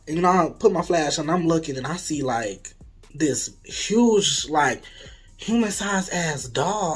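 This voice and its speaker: A young adult vlogger tells a storytime with a husky, slightly breathy voice and lots of swearing. The delivery is animated, jumping between loud asides and hushed, dramatic whispers. Faint music plays underneath. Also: mid-range voice, normal speed. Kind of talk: casual storytelling to viewers.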